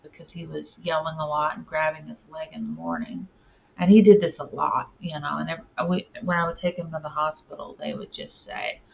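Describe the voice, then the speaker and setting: A woman's voice: low-pitched, creaky. A woman chatting casually in a home vlog, rambling with lots of fillers and cooing at her cats in baby talk. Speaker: vlogger. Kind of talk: casual chat. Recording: tinny phone-like audio with faint noise.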